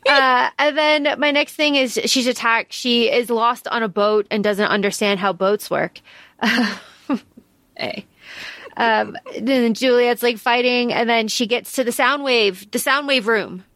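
A woman's voice: fairly high pitch, no echo. A woman co-hosting a podcast, chatting casually and dramatically about a book she reviews, venting her dislikes. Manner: animated, dramatic, quick to vent strong dislike. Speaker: podcast co-host.

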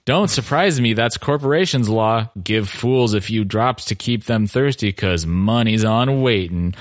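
A man's voice: lowish voice, expressive, unhurried, no room sound, studio quality. A man voicing a grumbling old male fan writing an online review, in a stilted, robotic reading.

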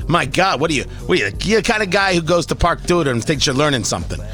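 A man's voice: a little high, animated, fast talker, sharp tone, soft background music. A radio host voicing a threatening tough-guy man who talks in a mock-friendly way and repeats his demands. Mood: menacing.

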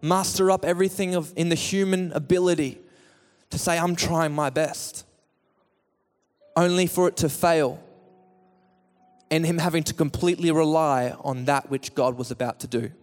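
A man preaching a sermon who moves from quiet, measured teaching to loud, half-sung calls. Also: on the high side, steady tone, faint music behind. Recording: echoey hall with long reverb.

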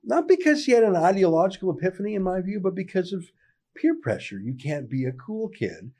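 A man's voice: high-pitched, sing-song, a little fast, warm tone. A man delivering a sardonic, conversational political opinion monologue. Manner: sardonic, conversational, dry mockery. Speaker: political commentator.

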